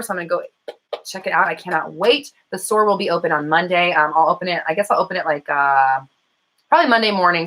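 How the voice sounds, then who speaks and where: Woman coach hosting a live chat, talks super fast, bright voice, lots of ums and some swearing. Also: on the low side, poor audio. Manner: fast-talking, self-described; chatty, frequent fillers and swearing. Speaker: law of attraction coach and host. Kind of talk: casual livestream chat with viewers.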